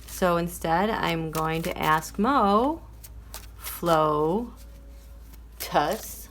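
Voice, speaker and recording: Woman tarot reader, low voice, slow unhurried pace. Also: fairly bright tone, slight background noise. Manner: slow, deliberate delivery broken by fits of giggling. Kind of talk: solo tarot reading.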